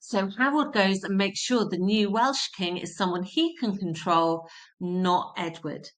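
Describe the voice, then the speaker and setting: A woman's voice: medium pitch, unhurried. A woman teaching a history lesson, explaining terms simply and repeating key points for emphasis.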